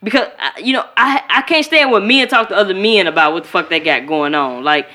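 A woman from Chicago co-hosting a podcast in casual chat, animated and profane, acting out quoted voices. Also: medium pitch, a little fast. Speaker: podcast co-host.

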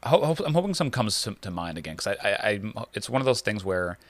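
A man's voice: lowish voice, big pitch swings, fast, dry recording. A man co-hosting a podcast, chatting casually and rambling with many restarts. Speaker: podcast co-host. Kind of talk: casual chat.

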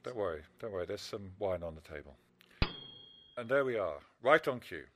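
A man's voice: deep voice, animated, a little fast, fairly bright tone, slight background noise. An actor playing an easygoing man who jokes around and slips into a mock Italian accent, in a radio drama. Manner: breezy, joking, puts on a mock Italian accent. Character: easygoing adult man, the woman's partner.

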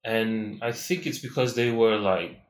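A man's voice: on the low side, unhurried. A man hosting a casual comedic chat, loose and joking, now and then slipping into mock voices. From Malaysia. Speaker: podcast host. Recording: echoey room.

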